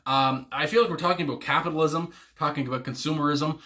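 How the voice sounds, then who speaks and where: A man with a bright, tense timbre gives loose reaction commentary on a track. He rambles excitedly, piling on fillers, swearing and little chuckles as he goes. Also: a little high, fast. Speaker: music reaction channel host.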